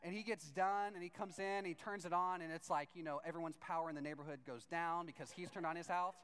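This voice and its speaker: A man with a high, clean, smooth voice spins a self-mocking comic story for a church crowd. He is animated throughout and leaps into excited outbursts as he acts out his own reactions. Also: quick pace.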